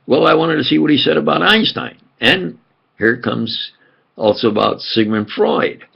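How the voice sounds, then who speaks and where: An older man with a New York accent, speaking in a slow, halting, rambling monologue full of fillers and restarts. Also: on the high side, lively intonation, creaky, breathy edge, muffled recording. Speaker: channel host.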